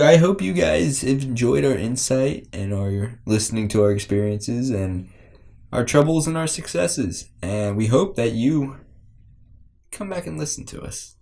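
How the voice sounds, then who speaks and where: A young man co-hosting a casual filmmaking podcast, animated and joking as he rambles through analogies. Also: mid-range voice, vocal fry. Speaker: podcast co-host.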